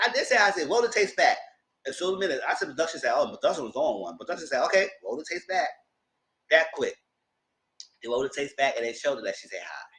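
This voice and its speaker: A man's voice: fairly high pitch, rough recording. A man hosting a live TV review show, recapping episodes in a slangy, gossipy way. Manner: animated, slangy, gossipy retelling. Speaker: TV review host.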